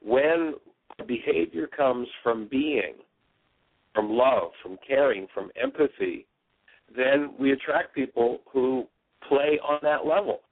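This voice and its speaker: A man's voice: medium pitch, expressive, slow. A man hosting a radio talk show, earnestly explaining ideas and acting out the people he quotes. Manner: earnest, explanatory, acts out quotes in other voices. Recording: dry phone-line sound.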